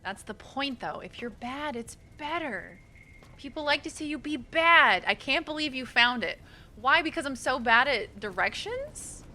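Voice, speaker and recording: A young woman with a Boston accent gives casual, self-mocking commentary to her stream chat while she plays. Her voice sits a little high and rings bright and crisp. There is a faint hum of noise behind her. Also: expressive, measured pace. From Boston area.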